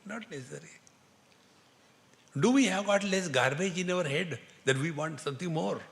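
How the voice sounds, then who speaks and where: A man speaking English with an Indian accent, giving a spiritual discourse as a teacher, telling humorous stories slowly and chanting Sanskrit verses. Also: a little high, vocal fry. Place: lecture hall with an audience. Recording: long hall reverb, faint noise.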